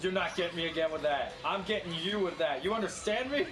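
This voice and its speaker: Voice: medium pitch, fast talker, heavy background noise. A gamer commenting on their own play, incredulous, repeating questions and breaking into laughter. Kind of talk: casual gameplay commentary. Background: game music.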